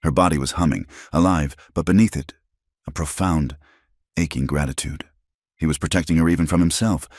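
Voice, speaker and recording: A man with an extremely deep voice narrates a scripted story in a steady, measured way. The recording is close and very dry, with no room sound around him. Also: no echo.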